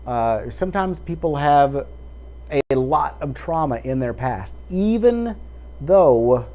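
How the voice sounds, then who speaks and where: A man with a Texas drawl rambles straight into his webcam, a casual personal monologue full of fillers and restarts. His voice sits a little higher than most men's. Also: animated, slow, warm tone.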